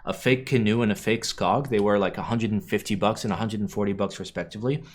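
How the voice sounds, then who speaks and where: A man's voice: fairly low pitch, steady tone, fast talker. A young man streaming a keyboard build, tired and rambling, swearing casually and muttering to himself. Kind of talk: casual live-stream chat while building. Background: keyboard clicking and typing.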